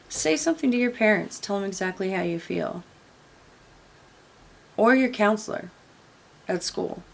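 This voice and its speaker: Gravelly, blunt woman commentator. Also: mid-range voice. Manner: blunt, sarcastic, swears freely. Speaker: commentary YouTuber. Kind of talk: casual reaction commentary.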